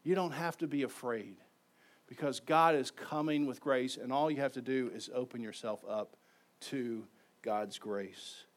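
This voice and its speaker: A man preaching a sermon in a church, moving between quiet, intimate lines and emphatic ones, and inviting the congregation to respond. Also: mid-range voice, measured pace. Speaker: pastor. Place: church sanctuary.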